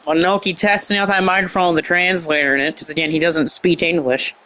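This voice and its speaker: A man's voice: on the high side, steady tone, fast, pushed and bright. A man doing rambling play-by-play commentary on a wrestling show, heavy on fillers.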